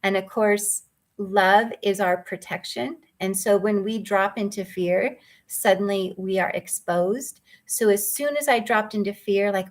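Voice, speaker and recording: Woman coach, gentle and earnest, mid-pitched, personal storytelling with casual ums. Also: unhurried. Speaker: mindfulness coach.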